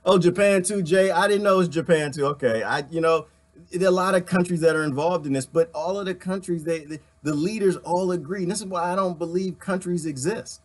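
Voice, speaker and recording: A man in a casual ranting monologue to viewers, talking into a phone, his voice swinging from loud to soft and breaking into laughs. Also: high voice, brisk. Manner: animated, swings loud and soft, laughs often, talks to chat. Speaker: online talk host.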